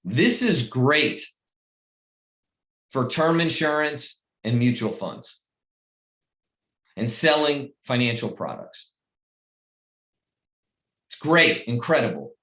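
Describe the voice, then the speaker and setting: A middle-aged man giving a motivational speech to his team on a video call, emphatic and repetitive, swinging between loud pep talk and quiet personal stories. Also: medium pitch, expressive, takes it slowly, long pauses, echoey room. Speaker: team leader addressing his recruits.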